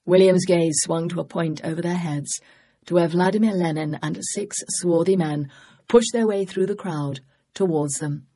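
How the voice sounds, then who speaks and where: An audiobook narrator reading a mystery novel in a steady, measured way. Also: medium pitch. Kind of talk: scripted narration.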